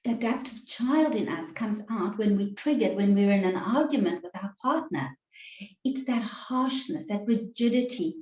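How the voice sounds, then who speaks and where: A woman relationships coach giving an online workshop presentation in a measured, deliberate way over a video call. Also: on the high side, a little mellow. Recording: roomy, slightly dull sound.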